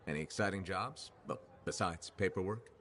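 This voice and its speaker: A man's voice: sits low, moderate pace, fairly bright tone, slight background noise. An actor playing a dry-humored male mercenary hero, giving wry, understated replies in video game dialogue.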